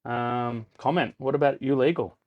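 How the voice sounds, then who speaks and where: A man hosting a casual live stream, upbeat, giving shout-outs and thinking aloud as he talks. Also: medium pitch, steady tone, normal speed, phone-quality sound. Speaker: host.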